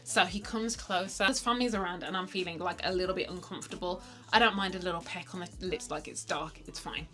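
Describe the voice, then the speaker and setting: A young woman vlogger telling a dating story, swinging between loud exclamations and hushed asides. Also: fairly low pitch, fast, hardly any pauses, soft background music. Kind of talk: storytime vlog.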